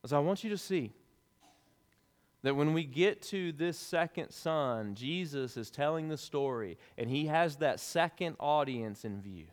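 Animated preacher man, ringing hall. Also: fairly high pitch, measured pace. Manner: conversational, animated preaching with casual asides. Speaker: pastor. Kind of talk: sermon. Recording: long reverb of a large hall.

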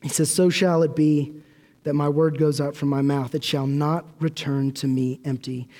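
A man's voice: on the high side, flat delivery, normal speed, warm tone. A young man preaching a sermon in a loose, conversational way, with many fillers and restarts. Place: church hall. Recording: long hall reverb.

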